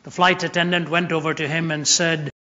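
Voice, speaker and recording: A man's voice: fairly high pitch, flat delivery, fairly quick, pushed and bright, highs cut off. A man telling a humorous story in a sermon with wry, understated delivery.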